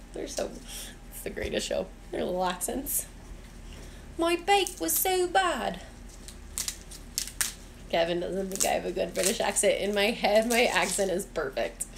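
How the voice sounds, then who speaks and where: A woman's voice: on the low side, vocal fry, background noise. A woman giving a casual, chatty cooking demonstration in her home kitchen, mixing instructions with friendly asides. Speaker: cooking vlogger and teacher.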